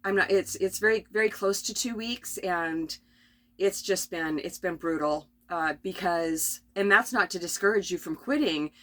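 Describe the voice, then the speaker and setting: A middle-aged woman rambling through a spontaneous spiritual vlog from her RV, tired and coughing, with many restarts and soft laughs. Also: lowish voice, moderate pace. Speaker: vlogger. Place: at home in an RV.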